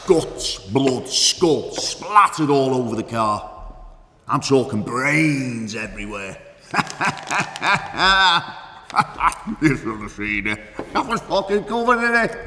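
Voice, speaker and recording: An actor playing a boastful, crude hitman who tells his story with swagger, profanity and drawn-out emphasis, in an acting class monologue. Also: low-pitched, long reverb tail, slight background noise. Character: boastful crude male hitman telling war stories.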